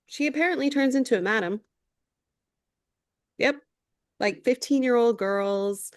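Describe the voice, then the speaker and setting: A woman's voice: mid-range voice, no echo. Woman podcast co-host, 30s, gossipy casual recap, dry close sound. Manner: chatty gossip recap, lots of "like" fillers. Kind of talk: casual chat.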